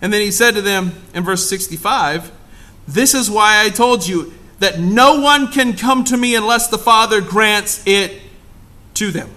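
Pastor guy preaching in church, high voice, asks the room lots of questions. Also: unhurried, pushed and bright. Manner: emphatic preaching, rhetorical questions. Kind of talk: sermon.

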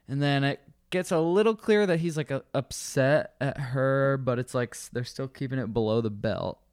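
A man casually telling a bar story, swearing and acting out angry customers in loud voices. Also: medium pitch, moderate pace, smooth, no room sound, clean studio sound.

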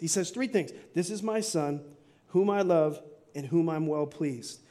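High-voiced preaching man. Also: a little mellow. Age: middle-aged. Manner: earnest, preaching with slow emphatic stretches and quick asides. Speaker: pastor. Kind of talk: sermon. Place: church sanctuary.

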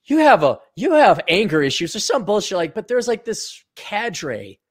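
An American man hosting a casual podcast chat, talking in an animated, joking way with quick asides. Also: high voice, breathy edge. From United States. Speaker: podcast host.

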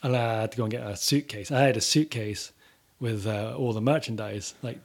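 A man's voice: lowish voice, fairly even intonation, brisk. A man telling a casual story about touring with his band, swearing freely and acting out the quotes. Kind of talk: casual anecdote.

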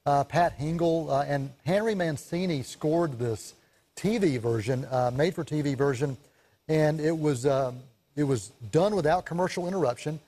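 A man co-hosting a casual talk show about movies, chatty and animated, laughing often as he tells stories. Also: a little high, moderate pace. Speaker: co-host, film reviewer.

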